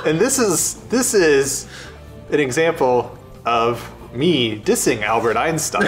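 A man's voice: high voice, a bit bright. A man hosting a livestream, giving a mock-grand improvised speech with a swooping delivery.

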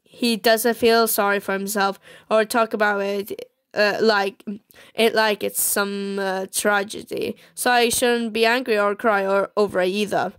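A woman's voice: mid-range voice, level tone, a bit bright, clear, resonant tone, no echo. A woman reading a romance visual novel aloud, stumbling and restarting words often. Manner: halting, with frequent fillers and restarts on words.

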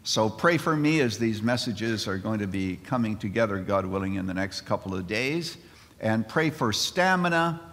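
A man's voice: on the low side, moderate pace. Older man preaching in a reverberant hall. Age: 70s. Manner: animated storyteller with comic timing. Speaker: conference speaker. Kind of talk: sermon with jokes.

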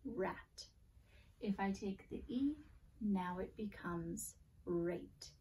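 Slow, mellow woman teacher, heard from afar. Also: medium pitch, recorded from a distance. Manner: slow, deliberate sounding-out of letters. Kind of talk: classroom phonics lesson.

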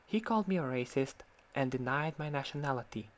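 A man's voice: medium pitch, lively intonation, moderate pace. A man from Croatia, ranting in sarcastic, heated commentary about an online argument and swearing freely. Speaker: vlogger.

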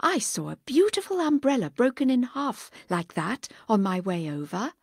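Woman voicing a soft-spoken old grandmother. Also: on the high side, big pitch swings, moderate pace, husky, no echo, clean studio sound, heavily acted. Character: frail pious old grandmother, fretful and tender.

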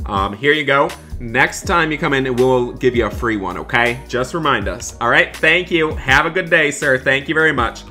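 A man doing upbeat game role-play commentary as a barista, excitable and talking to viewers as guys. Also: mid-range voice, normal speed, hardly any pauses, soft background music. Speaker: gaming YouTuber playing a barista.

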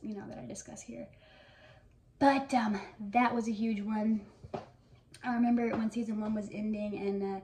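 A young woman around twenty talks through her fan memories, eager and filler-heavy, in a mellow, even voice. She sits a little back from the mic in an echoey room with faint noise behind. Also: mid-range voice, far from the mic. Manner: gushing fan storytelling with many fillers. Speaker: vlogger. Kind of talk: casual reminiscing monologue.

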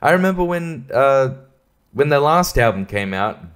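A man's voice: medium pitch, big pitch swings, a little slow, smooth. A man hosting a casual solo podcast, rambling and swearing freely, often breaking into laughter. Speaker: podcast host.

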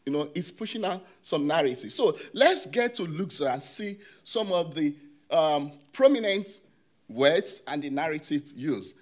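Man giving a halting research talk. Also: fairly high pitch, expressive. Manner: halting, frequent "you know" fillers and restarts; asks the audience questions. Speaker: academic presenter. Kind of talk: conference research presentation.

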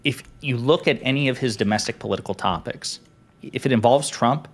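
A man's voice: mid-range voice, fairly quick. A man talking as a commentator guest in casual debate chat. He is emphatic and builds his case point by point.

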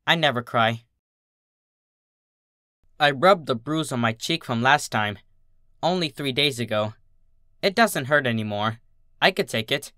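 A fanfiction reader narrates a dark first-person story, his bright, somewhat high voice slow and halting. The close, dry recording has no echo, and the reading stays tense throughout.

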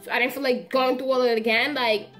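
Animated young woman telling a story. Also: sits high, fast talker, soft background music. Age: young adult. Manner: animated, dramatic storytelling with slangy asides. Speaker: vlogger. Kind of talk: casual storytime.

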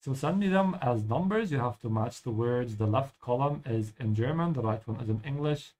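A man's voice: mid-range voice, darkish tone. Man teaching German on a live stream. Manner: explains pronunciation slowly and carefully; switches between English and German. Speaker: language teacher and stream host. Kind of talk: live-streamed language lesson.

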